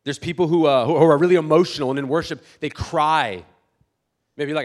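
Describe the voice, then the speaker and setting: A man in his thirties preaching a sermon as a pastor, animated and conversational, acting out church members and often restarting his words. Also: fairly high pitch, brisk. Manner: many restarts and repeated words.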